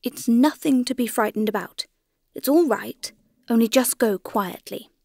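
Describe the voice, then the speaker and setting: A woman voicing a kind, calm older male doctor in an audiobook, speaking gently and soothingly. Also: a little high, measured pace, dry recording, studio quality. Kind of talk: audiobook character reading.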